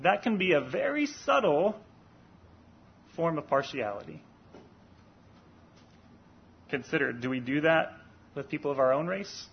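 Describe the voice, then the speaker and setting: A man preaching a sermon in an earnest, deliberate way, rising for emphasis on key points. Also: on the high side, lively intonation, gravelly, muffled recording, slight background noise.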